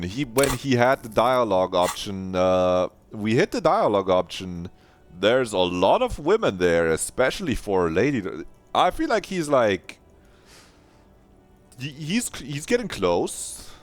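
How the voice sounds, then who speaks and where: A man streaming a video game, chatting playfully in a rambling, mock-dramatic way and swearing now and then. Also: medium pitch. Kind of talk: casual live-stream commentary.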